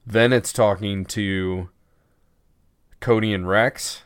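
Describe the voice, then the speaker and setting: A man's voice: on the low side, steady tone, takes it slowly, smooth, dry recording, studio quality. A man co-hosting a podcast, chatting casually, cursing freely and retelling scenes with acted-out lines. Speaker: podcast co-host. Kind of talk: casual chat.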